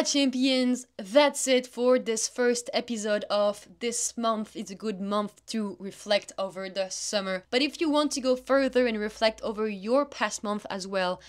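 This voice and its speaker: A young woman hosting a solo podcast, speaking in an earnest, encouraging coaching tone. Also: medium pitch. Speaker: podcast host, athlete.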